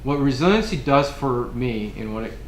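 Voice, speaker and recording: Male, thirties, mid-pitched, relaxed rambling storyteller, recorded in an echoey room. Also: normal speed, a little hiss or hum. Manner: laid-back, rambling, grows loud and laughing in funny stories. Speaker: military speaker giving a resiliency briefing. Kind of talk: casual storytelling talk to an audience. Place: room with an audience.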